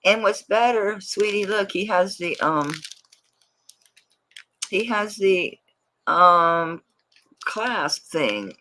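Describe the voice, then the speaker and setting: A woman's voice: medium pitch, lively intonation, extremely slow, long pauses, pushed and bright. Woman selling jewelry on a live stream, rambly and giggly, voice swoops up and down a lot. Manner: chatty, rambling, laughs often. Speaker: jewelry seller hosting a live auction.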